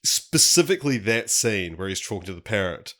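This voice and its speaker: Low-voiced man laughing through podcast banter. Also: big pitch swings, brisk, fairly bright tone. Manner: laughing often, telling jokes by acting out quotes. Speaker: podcast co-host. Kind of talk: casual film-discussion podcast chat.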